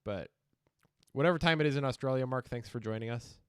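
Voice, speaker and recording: A man's voice: medium pitch, quick pace, a bit bright, clean tone, no room sound. Wry man analyzing poker hands. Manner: dry, wry humor mixed with hand analysis. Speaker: poker commentator. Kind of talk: casual live-stream commentary.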